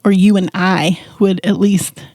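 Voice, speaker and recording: A woman's voice: mid-range voice, fairly even intonation, unhurried, mellow, dry recording. A middle-aged woman co-hosting a podcast in casual chat, rambling and self-deprecating. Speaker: podcast co-host.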